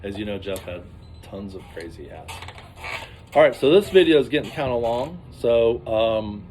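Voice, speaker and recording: A man telling a rambling, animated story in casual vlog style, acting out what people said. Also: lowish voice, normal speed. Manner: rambling, animated, acts out quotes.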